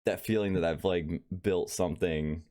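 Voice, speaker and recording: Deep-voiced laid-back podcast man. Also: fairly even intonation, moderate pace, warm tone. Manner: easygoing, laughs often, trails off mid-sentence. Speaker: podcast co-host, aspiring voice actor. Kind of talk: casual chat.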